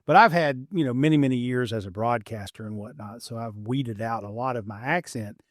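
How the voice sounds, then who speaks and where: A middle-aged man with a light Kentucky twang hosts a podcast in a dry, close-sounding setting. He talks in an easygoing, rambling way and pokes fun at himself. His voice sits at an ordinary middle pitch. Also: brisk, no room sound. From Appalachian Kentucky. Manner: relaxed, rambling, self-deprecating. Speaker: podcast host. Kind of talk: casual podcast chat.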